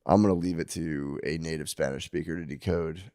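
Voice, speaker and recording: A man's voice: extremely low pitch, fairly even intonation, brisk, warm tone, dry recording, studio quality. A man co-hosting a podcast in casual chat, bantering and joking loosely with plenty of swearing. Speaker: podcast co-host.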